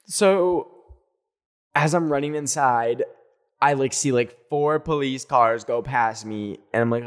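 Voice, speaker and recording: A young man hosting a podcast, telling personal stories in a chatty, animated way, with lots of "like" and frequent laughs. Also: medium pitch, slow, long pauses, smooth. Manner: animated, heavy use of "like", laughs often. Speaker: podcast host. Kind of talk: casual storytelling monologue.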